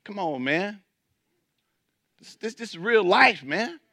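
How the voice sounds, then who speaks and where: A man's voice: sits high, animated, slow pace, pushed and bright, no echo. A man preaching as pastor, building intensity, with mocking asides about churchgoers. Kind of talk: sermon.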